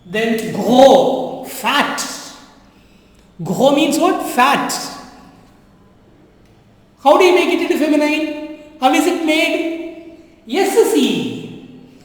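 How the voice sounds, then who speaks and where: A man teaching a French lesson in a classroom style, drilling words slowly and again and again and quizzing the students. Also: very high-pitched, lively intonation. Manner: slow, repetitive drilling with quizzing questions. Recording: very echoey room with long reverb.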